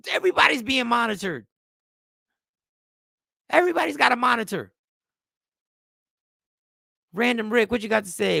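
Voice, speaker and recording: A middle-aged man hosting a show, riffing casually and jokingly, swearing freely and reading comments out loud. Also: high voice, creaky, no room sound, studio quality. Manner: animated, joking, swearing, reads chat comments aloud. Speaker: host.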